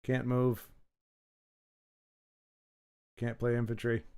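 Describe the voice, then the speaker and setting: A man's voice: medium pitch, completely flat delivery, very slow, noisy background. A man giving casual, joking commentary while playing a card game, muttering to himself between asides to his viewers. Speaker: gaming channel host.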